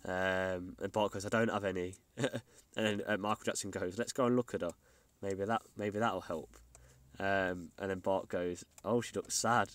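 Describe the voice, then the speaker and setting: A man's voice: sits low, fairly even intonation, normal speed, fairly bright tone. A man co-hosting a casual podcast, retelling a cartoon episode with frequent ums and laughs. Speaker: podcast co-host. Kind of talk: casual chat, recapping an episode.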